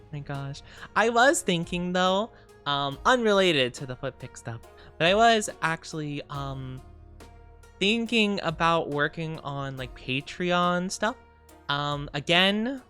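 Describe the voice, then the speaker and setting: A woman's voice: sits low, fairly bright tone. A tired woman streamer rambling and giggling in casual chat, greeting viewers as she goes.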